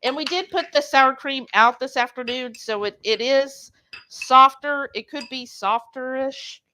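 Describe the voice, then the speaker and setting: A woman's voice: high voice, a little slow, bright, forceful tone, slight background noise. A woman co-hosting a live cooking stream, chatting casually and reading viewer comments aloud. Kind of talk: casual live cook-along chat.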